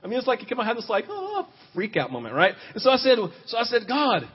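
A man preaching a sermon in an animated, confessional way, swinging between loud outbursts and quiet, intimate stretches. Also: high voice, quick pace, husky, highs cut off.

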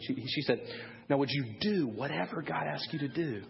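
A man preaching a sermon to parents, telling a story in a lively way and acting out the people he quotes. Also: medium pitch, fairly quick, creaky, lo-fi sound, slight background noise. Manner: animated storyteller, acts out quoted voices. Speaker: pastor.

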